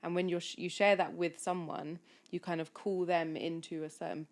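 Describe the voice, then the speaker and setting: A woman with a lowish voice talks as a podcast guest. She is soft and earnest, and her sentences flow along with plenty of fillers in a relaxed conversation. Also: moderate pace. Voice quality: soft, flowing, earnest delivery with many fillers. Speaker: podcast guest, hypnotherapist and coach.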